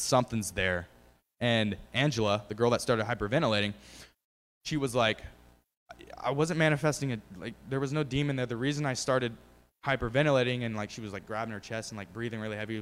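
A man's voice: mid-range voice, fairly quick, fairly bright tone, big-room sound. A man giving a casual, rambling testimony about faith and preaching, full of fillers and restarts. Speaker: lay preacher.

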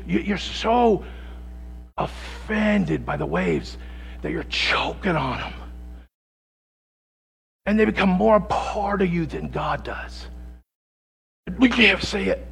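High-voiced, raspy preacher man in hall. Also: very animated, takes it slowly, long pauses. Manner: dramatic, swings from shouting to hushed. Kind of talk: sermon.

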